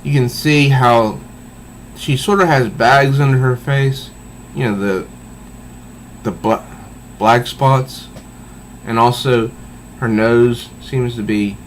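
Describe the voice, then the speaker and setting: A man casually reviewing a comic book, talking haltingly with many restarts. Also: mid-range voice, fairly even intonation, a little hiss or hum, low-quality recording.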